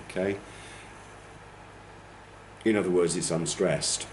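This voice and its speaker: A TESOL course trainer gives a classroom lecture in a low, steady voice, keeping a measured pace with long pauses. He explains patiently and stretches words out, exaggerating their stress to demonstrate. The recording has a roomy classroom echo and a little hiss or hum.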